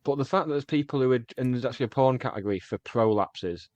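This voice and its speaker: A man's voice: medium pitch, fast, darkish tone, no echo. A man co-hosting a podcast, chatting casually and animatedly, mimicking crude lines for laughs. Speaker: podcast co-host. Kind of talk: casual comedic chat.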